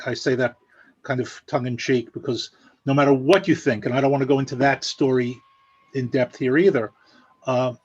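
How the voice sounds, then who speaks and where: A man giving a measured, explanatory analysis with dry, sarcastic asides over a video call. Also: medium pitch, breathy edge, muffled recording. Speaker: guest analyst. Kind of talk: spoken analysis at an online meeting.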